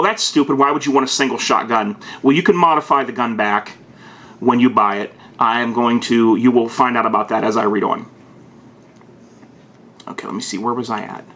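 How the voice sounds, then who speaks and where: A man's voice: mid-range voice, a bit bright. Man reading and commenting. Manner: reads a text in a stiff, emphatic voice, then breaks off to comment quickly and casually. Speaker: gun video host. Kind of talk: reading aloud and commenting, casual vlog.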